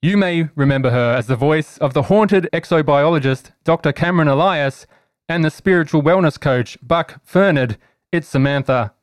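A man's voice: fairly high pitch, moderate pace, dry recording, clean studio sound. A man hosting a tabletop game podcast, upbeat and teasing in casual chat. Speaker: podcast host and game master.

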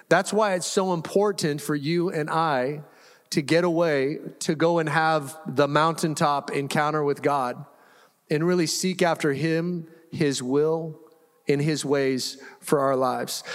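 A man's voice: fairly high pitch, steady tone, unhurried. A male pastor preaching to a congregation, telling a personal story in a casual, self-deprecating way with frequent laughter. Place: church hall with a congregation. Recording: echoey hall.

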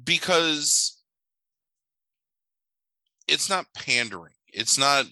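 A man talks in casual chat, animated and loose, swearing now and then. His pitch swings widely and his tone is bright and forceful. The sound is dry and close. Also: extremely slow, no echo, rough recording. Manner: animated storyteller, swears casually, acts out voices.

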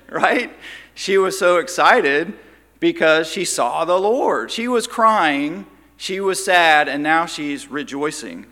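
A man's voice: fairly high pitch, lively intonation, slow, sharp tone, in a large hall. A man teaching a Bible study, telling the story and briefly acting out the quoted lines.

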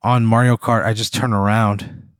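A man's voice: on the low side, little pitch movement, normal speed, dry recording, studio quality. A man, a comedian and podcast co-host, bantering in an exasperated, protesting way.

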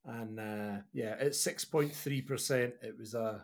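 A man's voice: medium pitch, unhurried. A man, co-hosting a podcast in casual, laughing banter. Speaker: podcast co-host and home brewer. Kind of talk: casual chat.

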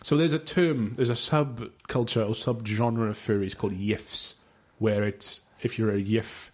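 A man's voice: on the low side, steady tone, measured pace. A man hosting a casual podcast chat, reading notes aloud in a rambling, sweary way and tripping over long words. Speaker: podcast host.

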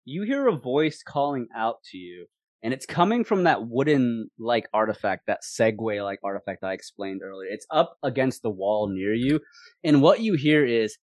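A man narrating a tabletop game as game master in an animated way. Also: medium pitch, moderate pace, no echo. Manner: animated, laughing often.

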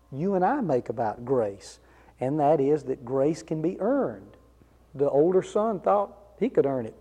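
A man's voice: on the high side, warm tone. A man preaching a sermon, explaining a passage with rhetorical questions and casual asides. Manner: conversational asides. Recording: long reverb of a large hall.

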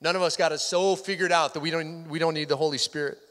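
A man's voice: on the high side, steady tone, fast talker, a bit bright. A male pastor giving a Sunday sermon in a conversational way, sometimes dropping to a near-whisper. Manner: conversational, drops to near-whisper for intimate points. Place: church sanctuary. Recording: hall reverb.

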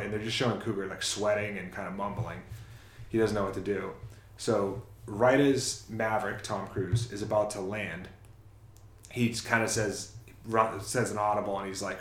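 A man's voice: fairly low pitch, steady tone, moderate pace, roomy sound. A man casually retelling a film's plot in a rambling, self-correcting way on a chat show. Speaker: podcast co-host. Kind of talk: casual movie recap chat.

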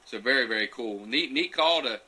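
A man's voice: mid-range voice, animated, a little fast, pushed and bright, slightly rough. A man hosting a casual live Q and A, chatting folksily and greeting viewers by name from his couch. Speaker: livestream host answering viewer questions. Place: small room, on a futon couch.

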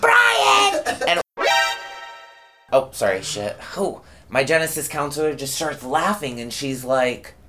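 A man's voice: mid-range voice, normal speed, few pauses, faint music behind. A man in casual chat, acting out his reactions as he tells how he was pranked in a rehab house. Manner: expressive storyteller, acts out his reactions. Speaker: rehab resident telling prank stories.

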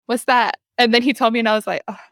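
Cali woman hosting a chat, upbeat and slangy, smooth clear voice, dry sound. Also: fairly high pitch, fairly even intonation, fast, fairly bright tone, no room sound. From California. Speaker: podcast host. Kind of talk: casual conversational interview.

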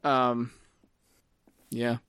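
A man's voice: medium pitch, flat delivery, drawn-out words, a bit bright, smooth, no room sound, clean studio sound. A man in his thirties co-hosting a podcast, chatting casually and rambling with many restarts, fillers and swearing. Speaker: podcast co-host. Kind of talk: casual chat.

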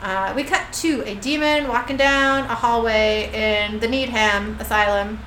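A woman's voice: fairly high pitch, steady tone, measured pace, fairly bright tone, slight background noise. A woman co-hosting a podcast who recaps a TV episode in a chatty, giggly way. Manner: chatty and giggly, with many fillers. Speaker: podcast co-host. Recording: echoey room with faint ambience.

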